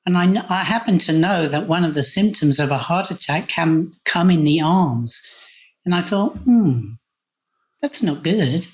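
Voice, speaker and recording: A man's voice: fairly high pitch, moderate pace. A male coach, a guest on an interview show, telling a candid personal story and voicing his own past thoughts aloud. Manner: animated retelling with quoted inner thoughts.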